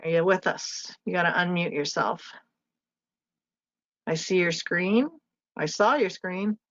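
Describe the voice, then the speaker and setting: A woman with a lowish voice hosts a live webinar over a video call. She talks in a chatty way and reads long introductions with small asides. The audio is dry and muffled, like lo-fi web call sound. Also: measured pace, no room sound. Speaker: webinar host.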